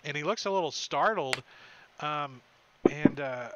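A man narrating a tabletop game as game master, animated and laughing often, tossing in quick character voices. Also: fairly high pitch, heavy background noise.

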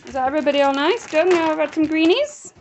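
High-voiced woman handing out dog treats. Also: lively intonation, fast, muffled recording, slight background noise. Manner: coaxing and scolding dogs by name, firm commands. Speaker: dog rescue carer. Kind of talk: casual vlog talking to dogs.

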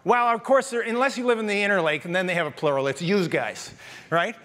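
A man with a high, light voice gives an animated, conversational sermon, joking and talking straight to his congregation. His voice rings through a church hall with a long tail of reverb. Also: fast. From Canada. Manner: animated, conversational preaching with jokes and asides to the congregation. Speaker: pastor. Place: church sanctuary.

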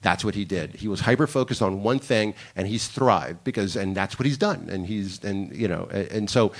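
This guest director from Miami has a fairly low voice and speaks at normal speed. On a conference panel in a conference room, he tells animated stories from his career and acts out the lines of those he quotes.

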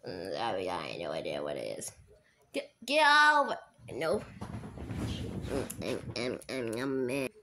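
A woman's voice: very deep voice, huge pitch swings, measured pace, pauses often, background noise. A woman voicing every character in a goofy plush toy skit, switching between silly squealing voices.

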